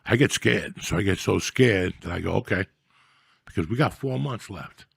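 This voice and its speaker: A man telling comic stories on a podcast in a gravelly, profane, ranting way, with loud bursts when he acts out scenes. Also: low-pitched, expressive, normal speed, dry recording, studio quality. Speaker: podcast host. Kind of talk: casual comedic storytelling.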